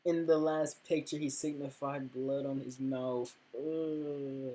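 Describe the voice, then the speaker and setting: A man giving casual reaction commentary, halting and repeating words as he talks. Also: mid-range voice, level tone, warm tone, rough recording. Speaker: reaction video host.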